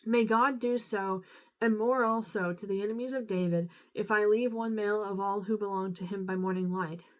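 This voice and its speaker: A tired woman reading scripture aloud, unhurried, now and then stumbling and apologizing. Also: medium pitch, steady tone, poor audio. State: tired, yawning. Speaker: Bible reader.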